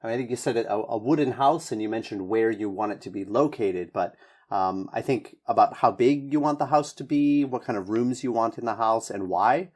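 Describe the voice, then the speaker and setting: Man giving relaxed spoken feedback. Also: lowish voice, a little fast. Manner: encouraging, hedging, many "um"s. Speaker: English teacher giving speaking feedback.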